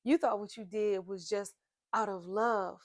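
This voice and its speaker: A woman's voice: medium pitch, fairly even intonation, unhurried, dry recording, studio quality. A woman giving an earnest, conversational faith and health talk, repeating phrases for emphasis and acting out little scenes.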